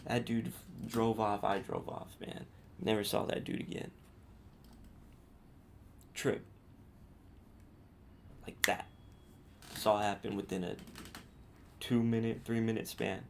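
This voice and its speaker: A man with a low, gravelly voice tells a story on his podcast, loose and profane, full of street slang. Faint noise sits under the recording. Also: little pitch movement, slow pace, pauses often. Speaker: podcast host. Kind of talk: casual storytelling monologue.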